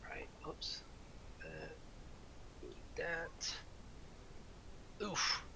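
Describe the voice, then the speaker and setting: Bright-voiced man playing a tabletop game. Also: a little high, a little hiss or hum, rough recording. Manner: halting, asks many rules questions. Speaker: player, war cleric.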